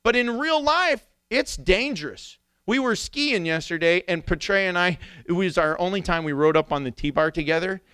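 A middle-aged man preaching a sermon with animated storytelling, jumping into sudden impressions. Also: sits high, normal speed, hardly any pauses, clean tone, no room sound. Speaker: pastor.

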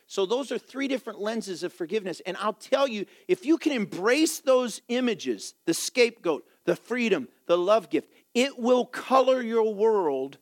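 Man teaching scripture, high voice, dry close sound, animated, laughs a lot. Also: no echo. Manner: animated, laughs often, self-deprecating. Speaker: Bible teacher. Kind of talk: sermon-style Bible teaching with slides.

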